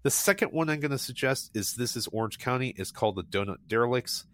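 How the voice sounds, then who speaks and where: Bright-voiced, chatty man telling stories. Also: mid-range voice, expressive, fast talker, no room sound. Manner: enthusiastic, rambling, frequent restarts and fillers. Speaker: guest recommending local car meets. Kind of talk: casual conversational storytelling.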